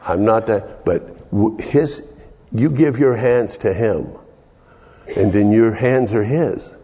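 Slow low-voiced older pastor preaching. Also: male voice, mellow, long reverb tail, a little hiss or hum. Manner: folksy, asks the congregation for amens. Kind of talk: sermon.

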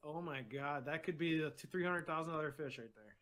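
A man reacting with excitement while watching a fishing weigh-in. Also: fairly high pitch, brisk, slight background noise.

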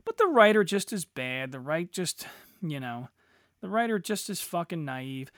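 A man's voice: a little high, sing-song, moderate pace, fairly bright tone, no room sound, clean studio sound. A middle-aged man hosting a solo podcast, ranting crudely and sarcastically with heavy swearing. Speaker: podcast host. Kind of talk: profane solo rant.

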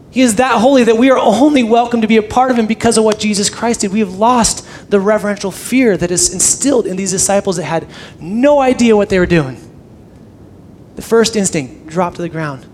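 Animated high-voiced young male preacher. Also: slight background noise. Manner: animated, swinging between loud emphasis and hushed near-whispers. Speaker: pastor. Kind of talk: sermon.

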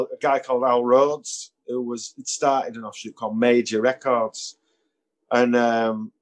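A man's voice: mid-range voice, darkish tone. A man, a musician guest telling anecdotes in a casual interview, chuckling and acting out the voices of people he quotes.

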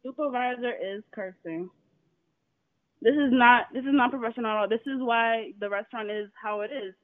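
A woman's voice: a little high, normal speed, no echo. Insistent woman on a tinny phone line. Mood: indignant. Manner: insistent, demanding, repeats herself. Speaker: complaining caller. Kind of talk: phone complaint.

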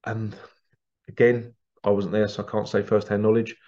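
A man's voice: lowish voice, little pitch movement, moderate pace, warm tone. A man from England telling a rambling, casual story in a monologue, full of restarts and asides. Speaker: spiritual channel host. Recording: dull lo-fi sound.

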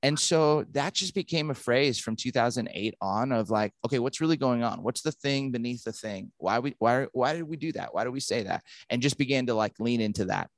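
A man in his thirties or forties, a pastor, tells a personal story in an interview. He acts out every quoted line with lively energy. The recording is close and dry. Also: medium pitch, brisk, few pauses, dry recording. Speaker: pastor and author.

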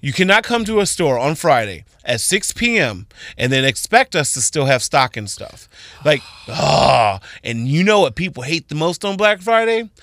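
A man's voice: on the high side, big pitch swings, normal speed, fairly bright tone, dry recording, clean studio sound. A man, a retail worker guest, animatedly telling a dramatic story on a radio show.

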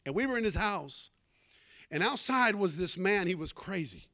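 Man, pastor, fervent sermon, high voice, calls for amens, loud then hushed. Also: animated, moderate pace.

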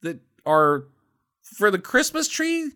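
A man co-hosting a casual podcast chat about a movie, animated, swearing and laughing often. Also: high voice, slow pace. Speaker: podcast co-host.

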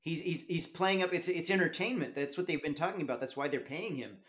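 Man, fairly high voice, podcast co-host, argumentative, reads passages aloud. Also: fast talker, a bit bright. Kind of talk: book discussion podcast.

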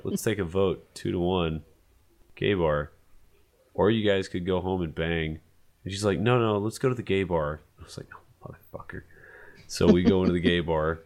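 Gravelly low-voiced man telling a story. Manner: animated, profane, acts out quotes. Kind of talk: casual storytelling.

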